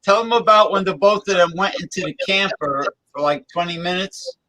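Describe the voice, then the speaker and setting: Brief: male talk-show voice, high, chiming in to egg the story on. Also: a little fast, bright, forceful tone, no room sound, low-quality recording. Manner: prompting, nudging the storyteller on. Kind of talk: casual talk-show banter.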